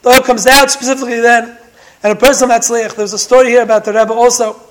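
Very high-voiced man preaching emphatically. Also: level tone, fast talker, fairly bright tone, low-quality recording. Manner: emphatic, full of rhetorical questions; storytelling with dramatic repetition. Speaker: Torah teacher. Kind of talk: sermon-style Torah lesson.

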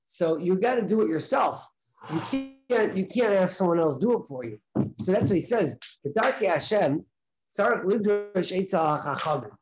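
With music playing in the background of a low-quality recording, a high-pitched rabbi with lively intonation teaches his daily class at normal speed. His casual, conversational lesson is full of repeated points and rhetorical questions.

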